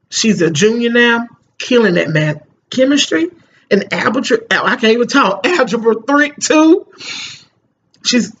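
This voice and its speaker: A woman's voice: mid-range voice, vocal fry, muffled recording, a little hiss or hum. A middle-aged mother talking casually to the camera, emphatic and rambling, often repeating "you know what I'm saying.". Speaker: parent vlogger.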